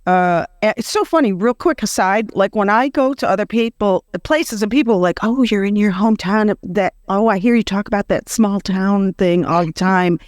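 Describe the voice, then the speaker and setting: A woman's voice: mid-range voice, moderate pace, few pauses, dry recording, clean studio sound. A woman hosting a podcast, chatting casually with rambling asides and frequent laughs. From Western New York. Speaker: podcast host. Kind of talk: casual interview chat.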